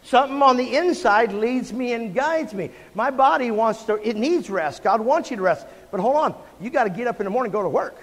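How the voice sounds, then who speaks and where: A man's voice: very high voice, lively intonation, fairly quick, few pauses. A middle-aged man preaching a sermon to a church congregation, emphatic and calling for responses from the room. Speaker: pastor. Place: church sanctuary. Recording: long hall reverb.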